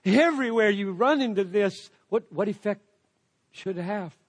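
An older man preaching a sermon as a pastor, emphatic, swinging from loud declarations to quiet asides. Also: very high voice, long reverb tail.

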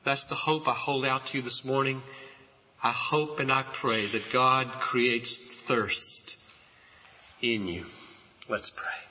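A man preaching a sermon as a pastor, building from quiet passages to loud, impassioned outbursts. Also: medium pitch, fairly even intonation, takes it slowly, slightly rough, long reverb tail, highs cut off.

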